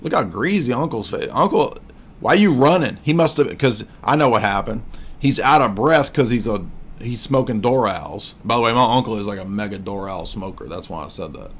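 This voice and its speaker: A man's voice: on the low side, lively intonation, a little fast, husky. A man in his forties hosting a livestream, casually mocking what he watches in a rambling, joking way. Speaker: livestream host.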